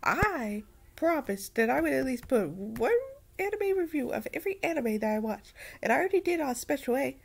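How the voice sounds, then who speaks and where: A woman giving a casual anime review, rambling and repeating herself in an animated way. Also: high-pitched, moderate pace, vocal fry, husky.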